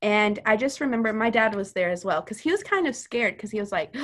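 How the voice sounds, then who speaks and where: A woman's voice: mid-range voice, animated, fairly quick, few pauses, a bit bright. A woman who is a podcast guest, telling a personal testimony in an earnest, chatty way with many fillers.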